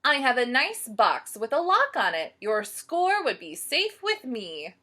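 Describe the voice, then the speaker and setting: A woman's voice: on the high side, wildly swooping pitch, unhurried, bright, forceful tone, pitched above the performer's own voice, exaggerated voice. A woman voicing a cheerful, literal-minded housekeeper in a children's storybook, speaking politely and matter-of-factly. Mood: earnest. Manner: earnest, polite, matter-of-fact.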